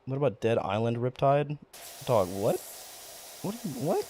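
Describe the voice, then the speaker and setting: Lively, profane young male streamer. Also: medium pitch, normal speed, slight background noise. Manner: profane, rambling, mock-outraged banter with chat. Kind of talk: casual live-stream commentary while gaming.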